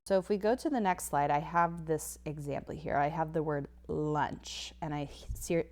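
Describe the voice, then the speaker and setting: Recorded on a tablet whiteboard, a woman with a low, darkish voice gives a slide-based phonics lesson. She goes slowly and patiently, sounding each word out.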